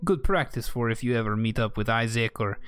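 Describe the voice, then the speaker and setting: A man's voice: medium pitch, brisk, a bit bright, clean tone. A man narrating as game master of a tabletop game, chatty and full of restarts.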